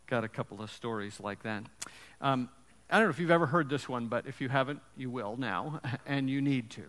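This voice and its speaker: A man preaching a sermon with an emphatic storytelling delivery and dramatic pauses. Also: medium pitch, fairly bright tone, in a large hall. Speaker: pastor.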